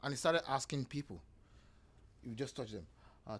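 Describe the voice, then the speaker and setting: Animated man telling a story. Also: medium pitch, a little fast, slightly rough. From Nigeria. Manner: animated, acts out other people's lines in quoted voices. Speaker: podcast guest, real estate agent. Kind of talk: casual storytelling conversation.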